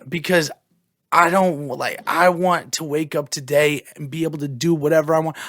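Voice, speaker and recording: A man's voice: a little high, fairly bright tone, dry recording, clean studio sound. Rambling, profane man on a podcast. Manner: rambling, profane, jokey storytelling. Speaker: podcast host. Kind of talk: casual solo podcast rant.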